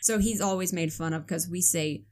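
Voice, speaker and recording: A woman's voice: lowish voice, normal speed, darkish tone. A woman in her twenties with a Connecticut accent, chatting casually with lots of likes and restarts. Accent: Connecticut, American. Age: 20s. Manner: rambling, many likes and restarts. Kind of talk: casual chat.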